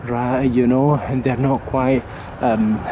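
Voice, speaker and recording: Walking outdoors through residential streets with a handheld camera, a vlogger offers casual commentary, rambling amiably as he points things out. His mid-range voice is slow with little pitch movement, the highs are cut off, and passing traffic and street noise fill the background.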